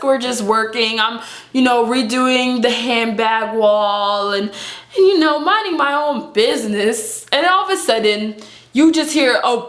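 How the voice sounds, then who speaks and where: A woman's voice: high voice, fairly bright tone, reverberant. A young woman vlogger telling a dramatic workplace story, acting out her reactions and laughing often. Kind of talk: casual storytime vlog.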